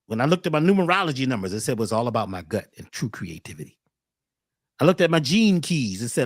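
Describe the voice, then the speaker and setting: A man as a podcast guest talking casually in an animated, preachy way, often repeating words as he starts a thought. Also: mid-range voice, quick pace, dry recording, clean studio sound.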